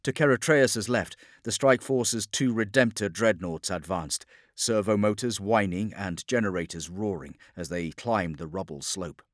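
A man narrating a war story as a scripted audiobook, in a steady, dramatic storytelling delivery. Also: fairly low pitch, measured pace, dry recording, studio quality.

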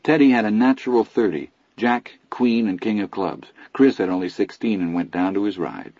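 Husky, low-voiced male narrator. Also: normal speed, a little mellow, dry recording, lo-fi sound. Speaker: audiobook narrator. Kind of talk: first-person literary narration.

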